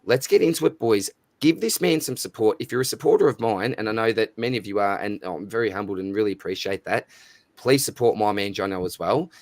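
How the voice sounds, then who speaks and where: An Australian man hosting a live stream in a relaxed, matey way, calling out viewers by name. His voice sits fairly low, and the sound is dry and close with no room echo. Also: brisk. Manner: matey, chatty, reads out viewer names. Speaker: livestream host. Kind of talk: casual live stream chat.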